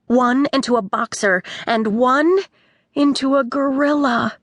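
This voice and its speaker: Lady reading a kids audiobook, slow and expressive, high-ish voice, dry close sound. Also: no room sound. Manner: expressive storytelling. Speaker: audiobook narrator. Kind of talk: scripted audiobook narration.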